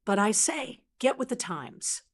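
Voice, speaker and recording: A woman putting on a booming Southern widow. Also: expressive, unhurried, husky. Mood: showy. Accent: slight Southern US drawl, put on. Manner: loud, booming, flirtatious. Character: brash wealthy southern widow, older woman.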